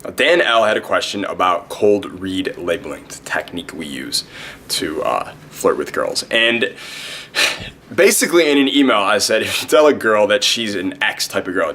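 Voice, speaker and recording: A young man talks to the camera like a swaggering dating coach, full of swearing and self-promotion. His voice sits very low and he races through his sentences. A faint hiss hangs behind the recording. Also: bright, forceful tone. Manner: brash, profane, fast-talking. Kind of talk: direct-to-camera advice vlog.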